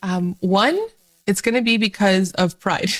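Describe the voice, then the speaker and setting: A woman giving a faith-sharing talk to camera as a Catholic youth minister. She speaks with joy and energy and laughs often. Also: a little slow. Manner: joyful and animated, laughs often, bright rises in pitch.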